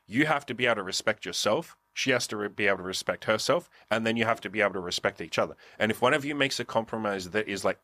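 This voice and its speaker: A man's voice: on the low side, fairly bright tone, no room sound. A man giving blunt, profane dating advice in a casual coaching conversation, acting out what others would say. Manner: profane, blunt, acts out quotes.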